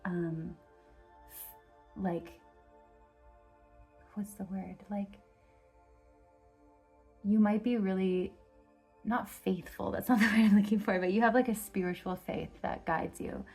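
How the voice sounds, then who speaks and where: A woman's voice: mid-range voice, slow pace, long pauses, darkish tone, husky, soft background music. Rambling, effusive woman tarot reader. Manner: rambling, with constant filler "like"; effusive and enthusiastic. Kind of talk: casual pick-a-card tarot reading.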